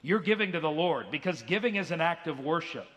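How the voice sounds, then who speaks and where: A pastor preaches an earnest sermon from the pulpit in a high, bright, forceful voice, speaking fairly quickly and expressively while slipping into acted voices for his stories. The muffled recording carries the long, ringing reverb of a big church sanctuary.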